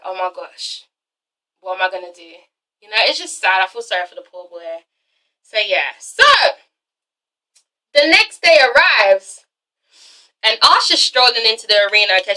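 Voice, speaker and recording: A woman recapping a TV episode in a casual vlog, excitable and profane, acting out the characters in quick asides. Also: medium pitch, poor audio. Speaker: TV episode reviewer.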